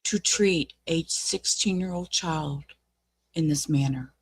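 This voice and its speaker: A woman hosts a casual reaction commentary at an unhurried, drawn-out pace. She talks hesitantly, filling pauses with "uh" and "um," and then flares up in indignation. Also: deep voice, slightly rough. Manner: slow, hesitant, with fillers, flaring into outrage. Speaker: reaction channel host.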